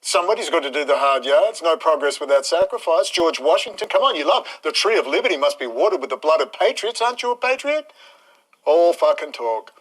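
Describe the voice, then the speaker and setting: A man delivers a combative live-stream rant, blunt and full of swearing. His voice sits a little high for a man, bright and forceful. He talks straight at the audience, hammering his points home. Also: lively intonation, a little fast, poor audio. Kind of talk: ranting monologue on a live stream.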